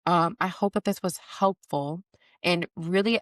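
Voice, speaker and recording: A woman's voice: on the low side, a little slow, dry recording, poor audio. A woman hosting a casual solo podcast as a career coach, chatty and encouraging with lots of "like" and "okay.".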